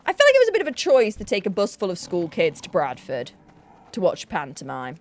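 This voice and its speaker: A woman's voice: on the low side, huge pitch swings, brisk, no echo. A young woman chatting casually on a live gaming stream, bubbly and self-mocking.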